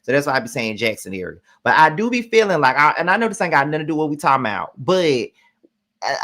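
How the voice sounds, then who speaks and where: A woman's voice: deep voice, pushed and bright. A woman from Mississippi with a Mississippi accent, hosting casual reaction commentary in a chatty, rambling way. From Canton, Mississippi. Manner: rambling, chatty, circles back on her points. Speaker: commentary host.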